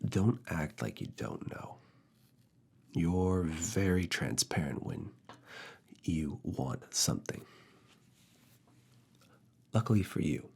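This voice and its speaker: A man voicing a strict, teasing male university professor in a slow, soft, deliberate whispered role-play. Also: rumbling low, creaky, slightly rough, heavily acted. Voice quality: soft, hushed, often whispered. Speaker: ASMR roleplay creator.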